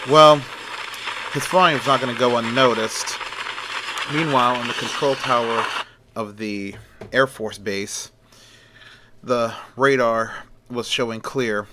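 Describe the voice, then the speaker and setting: A man casually narrating a fan story in a rambling way, with fillers and restarts. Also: mid-range voice.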